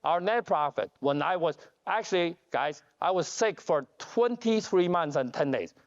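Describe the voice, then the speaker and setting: Man, conference keynote, lively pitch, joking, broken grammar, dull lo-fi sound. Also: normal speed. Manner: animated storytelling with jokes; non-standard grammar, restarts. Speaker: keynote speaker, company CEO. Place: conference hall.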